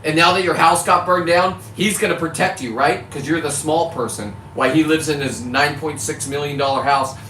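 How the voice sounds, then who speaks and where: A fired-up man from California rants straight to camera, swearing freely and then scolding himself for it. His fairly high voice has a bright, forceful edge. He sounds set back from the mic in an echoey space with a faint hiss underneath. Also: normal speed, few pauses. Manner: heated, profane, self-correcting about cussing. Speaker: fisherman vlogger. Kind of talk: ranting monologue to camera. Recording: echoey, distant mic with faint background noise.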